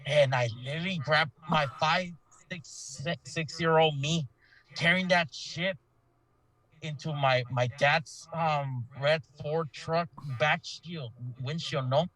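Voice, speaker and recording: A man's voice: a little high, slow, a bit bright, rough recording. A young man with a Mexican Spanish accent, casually telling a childhood story and slipping into Spanish words. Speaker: podcast guest. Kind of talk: casual chat.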